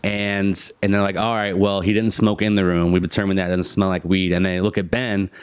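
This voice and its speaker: A man in his thirties, a podcast guest, telling a story in casual chat. He laughs often, uses many fillers, and jumps into high voices to quote people. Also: little pitch movement, brisk, smooth, no echo, studio quality.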